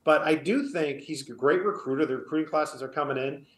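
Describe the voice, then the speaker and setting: A man's voice: fairly high pitch, a little fast, echoey room. A man and former college football player, speaking as an interview guest, earnest and opinionated with a storytelling manner. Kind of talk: casual sports interview.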